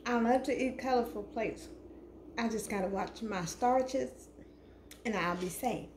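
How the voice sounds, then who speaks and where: A woman's voice: on the high side, unhurried. A woman casually chatting to her viewers in a cooking vlog, affectionate and chatty, calling them hunty. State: talking with food in her mouth. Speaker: cooking vlogger. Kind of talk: casual chat to camera. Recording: echoey room with faint noise.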